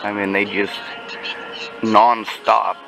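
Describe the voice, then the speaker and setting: A man's voice: lowish voice, little pitch movement, takes it slowly, vocal fry, low-quality recording. A man telling his story in casual conversation, agitated and profane, often restarting his sentences.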